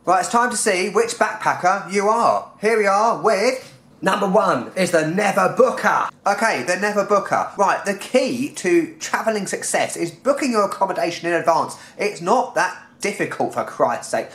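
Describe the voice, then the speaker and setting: A young man from London rants about fellow travellers in a comic vlog, sarcastic and exasperated, with plenty of swearing. His voice sits a little high for a man. The room around him echoes noticeably. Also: expressive, moderate pace, a bit bright. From London, England. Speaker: travel vlogger.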